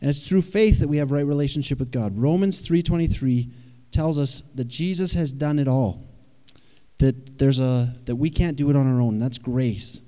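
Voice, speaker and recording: A man with a mellow, medium-pitched voice preaches a sermon at normal speed, and the recording has a big-room sound. His style is conversational, frequently checking in with listeners by asking them questions.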